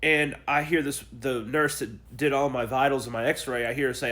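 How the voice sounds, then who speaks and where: A man's voice: medium pitch, steady tone, normal speed, pushed and bright. A young adult man casually telling his own story in a blunt, profane, emotional way, acting out the people he quotes.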